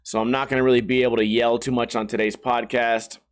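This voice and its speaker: A man's voice: medium pitch, level tone, quick pace, smooth. A man hosting a podcast with a sore throat, telling stories in a casual, rambling, profane way. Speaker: podcast host. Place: home. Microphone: camera, sitting at a desk.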